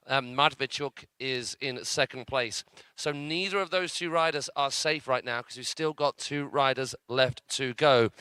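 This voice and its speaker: Male live-sports commentator for an outdoor event, talkative and joking, mid-pitched. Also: pushed and bright, clear, resonant tone, no room sound. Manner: chatty, joking, filling airtime. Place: outdoor cable park event.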